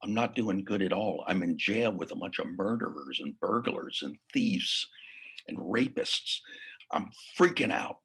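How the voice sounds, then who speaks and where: A man's voice: deep voice, animated, measured pace, vocal fry, a bit bright, husky, voice pushed up, exaggerated voice. A man voicing a panicked man who has just been arrested, crying and frantic. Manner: frantic, outraged.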